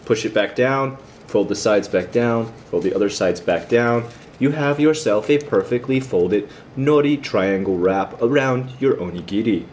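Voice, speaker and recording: A man's voice: on the low side, unhurried, a little mellow, slight background noise. An American man giving a casual video lesson, chatty and teasing as he quizzes the viewer. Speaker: vlogger teaching about Japan.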